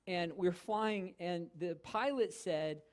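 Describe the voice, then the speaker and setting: A man giving a church teaching talk, telling stories with humor and animated delivery. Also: sits high, slow. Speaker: guest teacher. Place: church hall.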